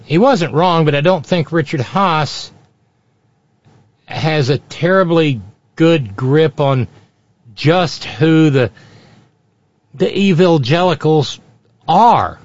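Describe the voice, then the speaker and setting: A man's voice: on the high side, lively intonation, takes it slowly, long pauses, no echo. Sardonic man doing political commentary. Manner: sardonic, mocking asides. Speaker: host. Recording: dry, dull lo-fi sound.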